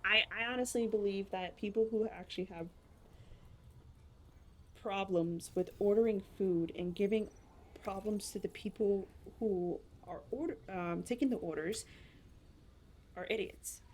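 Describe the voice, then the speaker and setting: A woman's voice: medium pitch, unhurried, long pauses. Blunt, rambling woman podcaster. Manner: blunt, profane, rambling storyteller. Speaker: podcast co-host. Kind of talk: casual chat.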